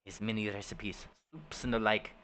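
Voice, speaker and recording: A haughty griffin chef with a thick mock French accent, put on by a man. The voice sits fairly low and talks down to the customer with lofty disdain. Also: fairly even intonation, normal speed, fairly bright tone, slight background noise, lightly acted. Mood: sniffy. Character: snooty male griffin chef with mustache.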